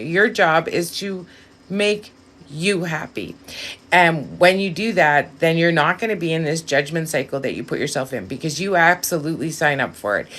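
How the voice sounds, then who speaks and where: A woman doing a casual live-stream reading, talking straight to viewers, blunt and swearing freely, with sudden lifts of excitement and quiet asides. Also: low-pitched. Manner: bursts of excitement, then drops to a quiet aside. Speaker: live-stream tarot reader.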